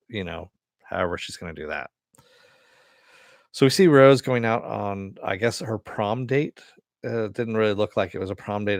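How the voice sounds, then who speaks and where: A man's voice: lowish voice, no room sound, clean studio sound. A man casually recapping a TV episode, rambling loosely with many fillers and quoted lines. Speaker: TV episode reviewer.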